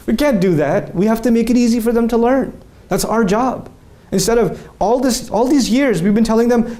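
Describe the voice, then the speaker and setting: A man's voice: high voice, moderate pace, warm tone. A man answering interview questions, speaking earnestly and animatedly and telling stories with quoted dialogue.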